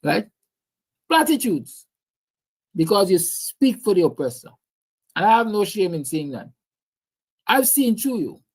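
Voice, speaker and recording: A man with a Guyanese accent hosting a livestream, giving impassioned, preachy political commentary and answering viewer comments. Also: high voice. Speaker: livestream host.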